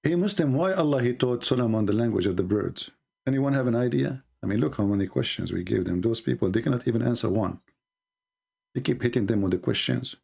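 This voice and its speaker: A middle-aged man from the Middle East, hosting a live stream with a sarcastic, teasing monologue and drawn-out exclamations. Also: medium pitch, lively intonation, gravelly, darkish tone, slightly rough.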